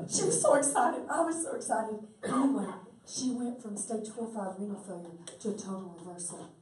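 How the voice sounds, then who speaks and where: A woman's voice: mid-range voice, moderate pace, few pauses, a little mellow, a little hiss or hum. A woman, telling stories in a folksy, chatty way and acting out what people said. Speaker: speaker promoting stem cell treatment. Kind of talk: animated storytelling talk. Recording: roomy sound from a distant mic.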